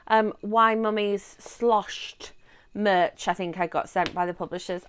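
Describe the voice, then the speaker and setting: Woman book vlogger, casual chat to camera at home, smooth clear voice, rambling and chatty. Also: mid-range voice, moderate pace. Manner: chatty, rambling, bursts into excited squeals. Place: home room.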